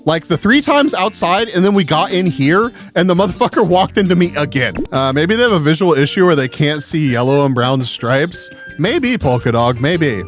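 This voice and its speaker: A man recounting a story in a casual vlog, swearing freely as he goes. His voice sits a little high for a man, and it leaps up when he gets exasperated. Faint music plays under him. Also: moderate pace, few pauses. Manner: profane and animated, pitch jumping up when exasperated. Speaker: vlogger.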